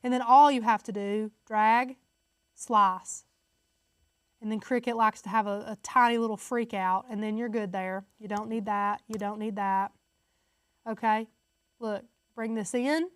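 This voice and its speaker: A woman's voice: medium pitch, fairly even intonation, unhurried, clean tone, no echo. A woman hosting a casual step-by-step crafting tutorial, chatty and upbeat, talking straight to her viewers.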